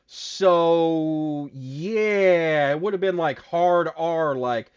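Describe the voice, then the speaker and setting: Man, casual chat co-host, swears a lot, animated storytelling, fairly high voice, muffled lo-fi sound. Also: extremely slow, few pauses, clean tone. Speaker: podcast co-host.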